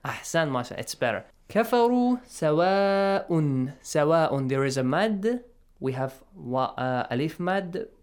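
A patient, encouraging male recitation teacher coaches students in a radio lesson, explaining and modeling sounds. His medium-pitched voice has lively intonation and a moderate pace.

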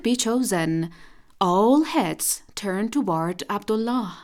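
A woman narrating a radio drama in a steady storytelling manner. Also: a little high, measured pace, faint music behind.

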